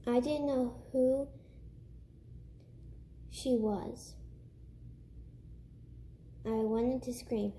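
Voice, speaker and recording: A woman reads a book aloud slowly and haltingly, with stumbles and restarts. Her voice is mellow and a bit high, and faint background noise with clicks sits behind her. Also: steady tone. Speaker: reader.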